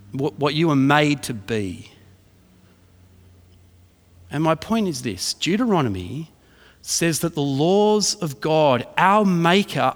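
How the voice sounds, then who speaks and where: A man's voice: fairly high pitch, a bit bright. A man, a pastor preaching a sermon in a casual storytelling way, often checking in with "right?". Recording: reverberant hall.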